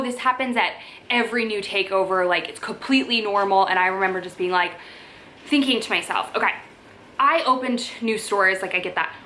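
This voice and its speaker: A woman's voice: on the high side, slight background noise, poor audio. A young woman vlogger telling a work story in casual chat, exasperated and full of "like"s. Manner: animated, exasperated storytelling with many "like"s.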